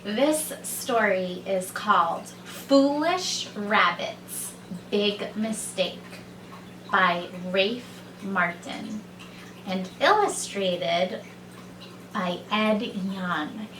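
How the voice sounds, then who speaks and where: A woman who reads a children's story aloud slowly and gently, as a teacher. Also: medium pitch, slight background noise. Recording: echoey room, mic far off, faint ambience.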